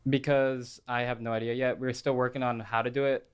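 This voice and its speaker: A man's voice: medium pitch, flat delivery, fairly quick, lo-fi sound, a crowd in the background. An eighteen-year-old man as an interview guest, answering hesitantly with lots of ums.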